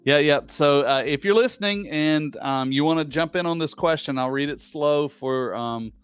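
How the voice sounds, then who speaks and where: Man host, smooth and clear, dry close sound, faint music; joking, hesitant delivery. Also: fairly high pitch, no room sound. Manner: joking, halting, reads questions slowly. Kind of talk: casual chat.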